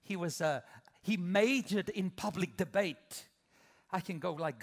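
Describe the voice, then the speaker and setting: A middle-aged man preaching a sermon as pastor, swinging from loud emphatic peaks to soft intimate asides. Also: high-pitched, unhurried. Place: large church auditorium. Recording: long hall reverb.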